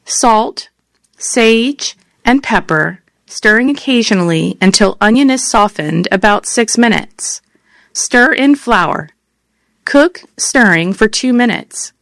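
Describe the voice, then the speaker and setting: A woman reads recipe ingredients and steps in a measured, list-like way. She speaks very slowly and evenly, pausing after each item. The recording is dry and close, with no room sound. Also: mid-range voice, dry recording. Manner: measured, list-like, even delivery. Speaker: recipe reader. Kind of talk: slow scripted recipe reading.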